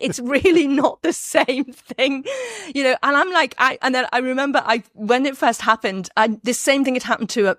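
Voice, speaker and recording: A woman from Merseyside with a softened Liverpool accent, talking as an interview guest in a lively way, often restarting her sentences. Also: on the high side, dry recording, studio quality. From Merseyside, England. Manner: animated, quick, with frequent restarts and laughs. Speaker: guest, biographer. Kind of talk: casual interview talk.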